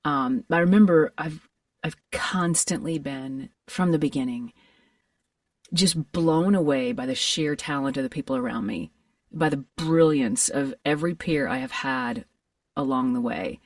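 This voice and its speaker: A woman voice actor talking in an interview in an earnest, animated way, with quick bursts of enthusiasm. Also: low voice, no room sound, far from the mic. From Alabama. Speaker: voice actor guest. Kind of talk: reflective interview chat. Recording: voice a bit away from the mic, dry.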